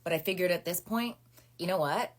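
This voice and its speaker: A woman in her thirties speaks in a low, deep register as she tells a personal story straight to her phone camera. She sounds animated and indignant, piling on fillers and asides. The sound is close and intimate, recorded indoors in a small room. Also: fairly quick. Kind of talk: casual storytime recap to camera.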